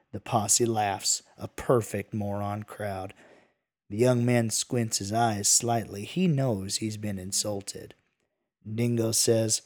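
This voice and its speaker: A man's voice: fairly low pitch, steady tone, slow, darkish tone. A man narrating a western tale in a folksy, casual manner with asides. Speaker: storyteller.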